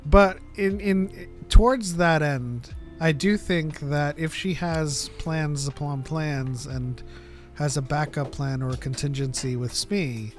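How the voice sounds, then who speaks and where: A man co-hosting a casual podcast, talking in an animated, jokey way. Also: a little high. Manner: animated, jokey, acts out lines in silly voices. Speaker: podcast co-host. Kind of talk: casual chat.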